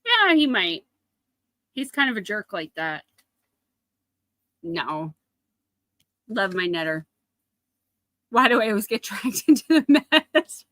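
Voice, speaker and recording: A woman's voice: mid-range voice, very animated, takes it slowly, long pauses, fairly bright tone, no echo. A woman with a New Jersey accent giving a live oracle card reading. She chats directly to viewers and often calls them by name.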